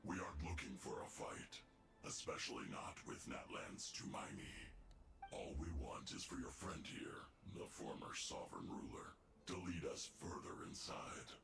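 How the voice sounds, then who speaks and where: An actor playing a smug, calm male villain leader in a video game, with a deep gravelly voice and breathy, half-whispered menace. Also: normal speed, heavily acted. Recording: roomy echo.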